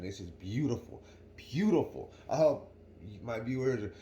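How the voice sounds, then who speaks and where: A man's voice: fairly low pitch, darkish tone, slight background noise. Slangy young man rambling in an echoey room. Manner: slangy, rambling, keeps asking "right?". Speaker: vlogger. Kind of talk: casual storytelling to camera.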